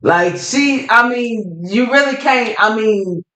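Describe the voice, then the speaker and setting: A woman's voice: on the high side, lively intonation, takes it slowly, a bit bright. A woman co-hosting a casual podcast chat, talkative and colloquial, laughing easily as she talks. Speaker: podcast co-host. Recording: roomy echo.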